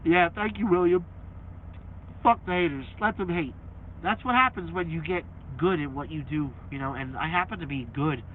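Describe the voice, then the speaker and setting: A man vlogging about his truck in a casual, profane rant, swearing freely and mocking his critics. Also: medium pitch. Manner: swears freely, mocks critics with sing-song voices. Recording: tinny phone-like audio with faint hiss.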